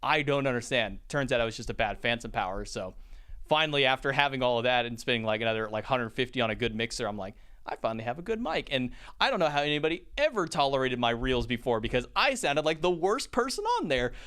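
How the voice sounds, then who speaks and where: A man telling stories in a casual chat. He talks quickly and rambles, with plenty of fillers and restarts. His voice is clear and crisp. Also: mid-range voice, big pitch swings, fairly bright tone. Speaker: esports caster and podcast guest.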